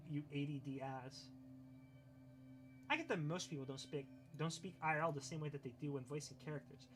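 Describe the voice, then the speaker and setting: A man's voice: high voice, fairly bright tone. A young man streaming live, reacting to clips in a profane, ranting, scoffing way.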